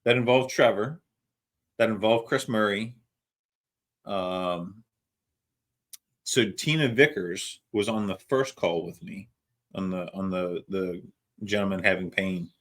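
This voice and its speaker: A middle-aged man with a fairly low voice spins a story from his paramedic work in a relaxed podcast chat. His delivery is loose and anecdotal, and he swears freely as he goes. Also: takes it slowly, pauses often. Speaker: podcast co-host.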